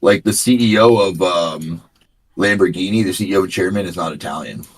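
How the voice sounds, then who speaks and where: A man's voice: sits low, brisk. A young man on a live trading stream, chatting casually and telling rambling, slangy stories. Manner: rambling, slangy, animated storytelling. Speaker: day trader streaming live. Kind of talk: casual chat.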